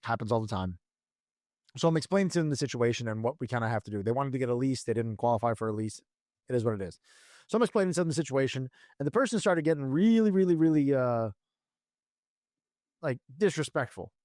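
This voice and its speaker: A man in his thirties co-hosting a podcast, telling stories in an animated, casual way with plenty of swearing. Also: mid-range voice, quick pace, dry recording, studio quality. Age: 30s. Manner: animated storyteller, swears freely. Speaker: podcast co-host. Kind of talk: casual chat.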